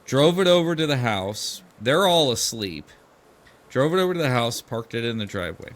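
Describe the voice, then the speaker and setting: A middle-aged man, a podcast host, telling a family story casually, animated and swearing freely as he acts out the quoted voices. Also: medium pitch, moderate pace.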